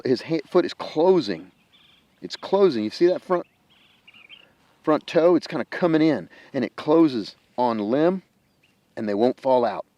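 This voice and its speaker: A man hosting a hunting show, giving excited outdoor commentary in the field, at times dropping to a hushed voice. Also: mid-range voice, dry recording.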